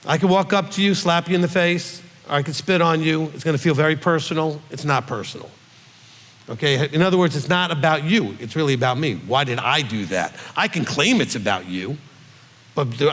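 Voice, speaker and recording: A man's voice: a little high, a bit bright, big-room sound. A man, a rabbi, answering questions in a conversational teaching style, checking in with listeners and acting out quoted voices. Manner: conversational, frequent "okay?" check-ins.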